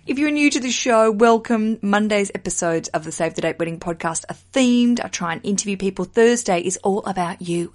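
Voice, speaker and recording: A woman's voice: medium pitch, brisk. A woman hosting her own podcast, chatting casually and joking at her own expense, in her thirties. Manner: chatty, jokey, self-mocking, swears casually. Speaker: podcast host. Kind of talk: casual solo podcast chat.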